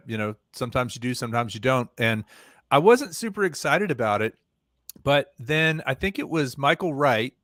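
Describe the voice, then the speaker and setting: A man guesting on a livestream, telling stories in a relaxed, conversational way. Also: medium pitch, dry recording, clean studio sound. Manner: relaxed storyteller, easygoing and conversational. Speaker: guest drone pilot. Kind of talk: casual interview chat.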